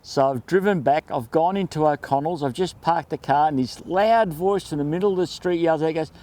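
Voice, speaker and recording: A man, the regular driver of an event truck, telling stories in a casual, animated way and acting out the voices in them. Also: fairly high pitch, brisk. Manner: animated, acts out voices in anecdotes. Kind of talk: casual storytelling interview.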